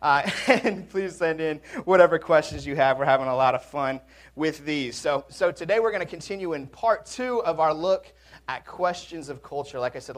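A man preaching a conversational sermon in a church, with jokes and asides to the congregation. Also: a little high. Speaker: pastor. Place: church sanctuary.

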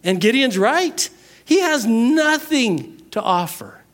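A male pastor preaching a sermon in a blunt, joking, animated way. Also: very high-pitched, slow.

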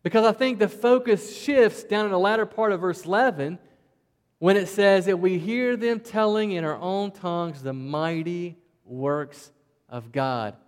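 A man with a Southwest Virginia country twang delivers a sermon in a folksy, conversational way, often saying "man" and "right?" His voice sits a little high for a man. The sound carries a long reverb, as in a large hall. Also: a little slow. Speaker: pastor.

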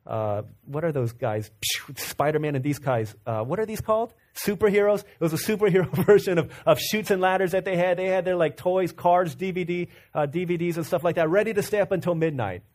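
A preacher with a high voice for a man delivers a sermon like a friendly story. He talks straight to the room, trips over his words, and starts his sentences again. He grew up in Virginia. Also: fairly quick, hardly any pauses, a little mellow. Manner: conversational storytelling with restarts, addresses the room as y'all.

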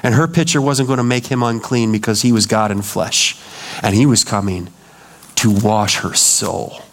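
A man's voice: lowish voice, moderate pace. A male pastor preaching a sermon, acting out the voices of the people he quotes. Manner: dramatic, acts out quoted voices. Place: church.

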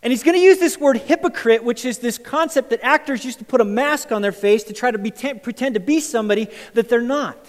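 A male pastor preaching a sermon to a congregation. He moves from loud, emphatic lines to quiet, intense ones. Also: very high voice, fast talker, few pauses. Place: church sanctuary. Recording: church hall with long reverb.

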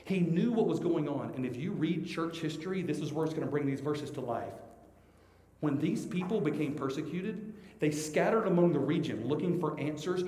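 A man pastor preaching a conversational sermon, animated and acting out the voices of the people he quotes. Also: on the high side, normal speed. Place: church sanctuary. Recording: echoey hall with long reverb.

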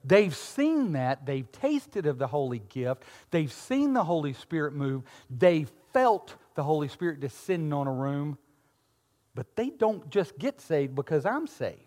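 An older man preaching a sermon, moving from quiet, intimate passages to shouted, fervent ones. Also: fairly high pitch, very animated, measured pace. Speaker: pastor. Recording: long reverb of a large hall.

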